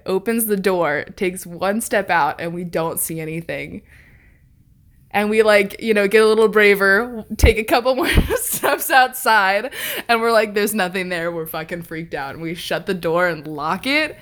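A woman's voice: mid-range voice, a bit bright. A woman in casual chat telling a ghost story, laughing often, swearing freely and acting out what people said.

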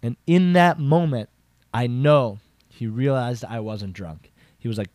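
A man's voice: a little slow, dry recording. A young man rambles through a story on his own show, full of "like" and false starts, his voice jumping up when he gets worked up. His mid-range voice sounds close and dry, with no room around it. He sounds casual and chatty. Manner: rambling, filler-heavy with frequent "like" and restarts; animated, jumps up in pitch for emphasis. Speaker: podcast host.

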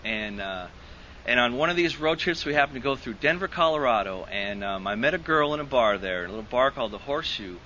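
A man's voice: mid-range voice, animated, fairly quick, sharp tone, highs cut off, slight background noise. Man telling his story at a recovery meeting. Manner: rambling storytelling with frequent restarts and laughter. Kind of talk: personal testimony to a group. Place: meeting hall.

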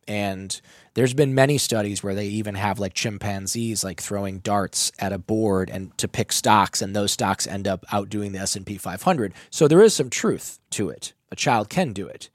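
A man's voice: on the low side, normal speed, no echo, clean studio sound. A man telling a candid personal story, emotional and full of swearing. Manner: emotional, profane, animated storytelling.

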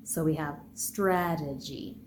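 A woman teaching pronunciation in a podcast lesson, speaking very slowly and clearly in a lowish voice. She sounds out each part of a word with deliberate care. A faint hiss sits under the voice. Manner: slow, deliberate, carefully enunciated sounds.

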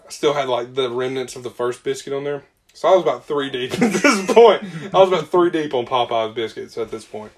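A man's voice: medium pitch, animated, brisk. A young man, co-hosting a podcast and telling a story in a loose, profane way, often breaking into laughter. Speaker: podcast co-host. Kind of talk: casual storytelling chat.

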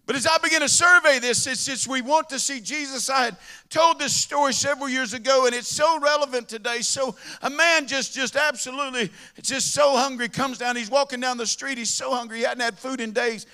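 A man preaching a sermon in a folksy, animated way. His voice sits high and bright. He repeats his phrases as he tells a story. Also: a little fast.

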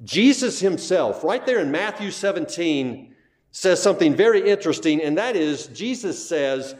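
Male pastor, bit higher pitch, emphatic teaching tone, rhetorical questions. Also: lively intonation, normal speed, darkish tone. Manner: emphatic, repeats key phrases, asks the listeners questions. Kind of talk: expository Bible teaching.

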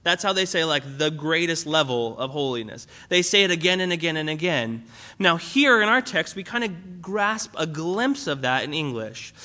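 A man's voice: a little high, expressive, normal speed, sharp tone. A young man preaching a sermon in a conversational way, with fillers and restarts as he explains a Bible passage. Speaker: pastor.

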